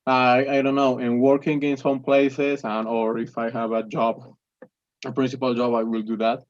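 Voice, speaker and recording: A man's voice: medium pitch, level tone, moderate pace, muffled recording. A young man whose first language is Spanish, practicing English conversation, hesitant with many restarts and fillers. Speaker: English student.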